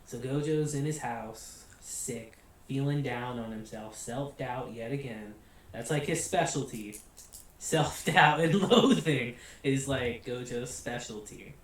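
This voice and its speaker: An American man hosting a casual anime review, chatty and relaxed, laughing often and filling gaps with "you know" and "like". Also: mid-range voice, takes it slowly, distant mic. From United States. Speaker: anime reviewer, channel host. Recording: very echoey room, voice off-mic, faint hiss.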